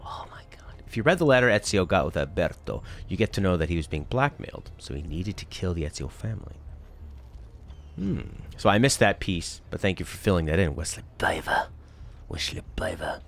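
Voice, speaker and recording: Brief: deep-voiced young gaming host, lively, chatty and jokey while playing. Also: male voice, fairly quick, slight background noise. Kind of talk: casual let's-play commentary.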